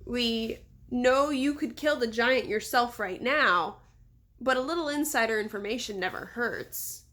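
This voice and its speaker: A woman's voice: a little high, a little slow, a bit bright. Woman reading as an earnest, awkward girl. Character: awkward, cautious older sister, a girl.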